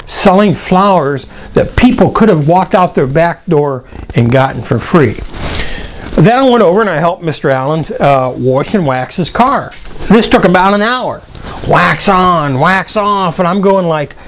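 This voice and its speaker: An older man with a slightly high voice tells a story from his youth. He is animated, and he acts out the voices of the people in it. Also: fairly quick, a little hiss or hum. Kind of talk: personal storytelling talk.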